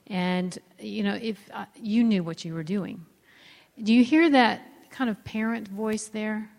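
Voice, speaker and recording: A woman co-hosting a teaching talk on marriage, explaining in a calm, conversational way. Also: medium pitch, unhurried, creaky, in a large hall.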